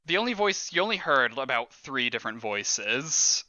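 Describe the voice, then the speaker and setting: A man runs a tabletop horror game with a very bright, crisp voice, teasing his players and laughing between rulings. The sound is dry and a bit dull, like a modest podcast mic. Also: medium pitch, big pitch swings, normal speed, no echo. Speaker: game master.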